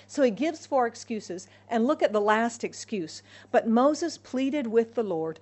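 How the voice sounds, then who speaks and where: Woman preaching an animated sermon. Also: on the high side, a little slow, hardly any pauses. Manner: animated, acts out dialogue with God and Moses.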